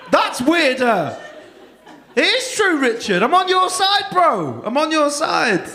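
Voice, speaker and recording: A male compere works the crowd at a comedy club with brash, sweary teasing. His voice sits high and bounces all over the place. The room around him rings with echo from the stage mic. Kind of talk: crowd work at a stand-up gig.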